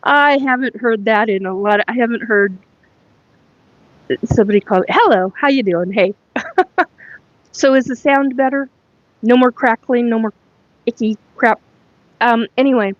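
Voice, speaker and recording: A woman hosting a casual spiritual livestream, talking in a halting, rambling way with many fillers and asides to viewers, her voice a little cracked. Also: no room sound. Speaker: livestream host. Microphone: earphone mic plugged in. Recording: dull lo-fi livestream audio with faint rumble.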